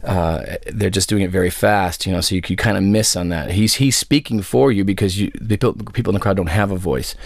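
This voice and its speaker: Male musician guest, lowish voice, dry sound, lively and casual. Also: brisk, gravelly, few pauses, no room sound. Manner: animated, casual, with restarts. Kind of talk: radio interview.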